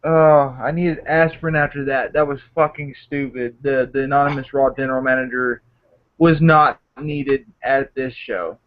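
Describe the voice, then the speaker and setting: A man's voice: medium pitch, steady tone, moderate pace. A man on a casual review panel, complaining in an exasperated, profane way. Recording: dull lo-fi audio.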